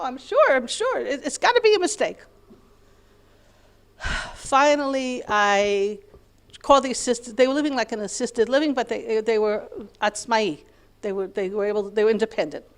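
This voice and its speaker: Woman telling a story in a lecture. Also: fairly high pitch. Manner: animated storytelling, acting out quoted people. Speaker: Torah lecturer.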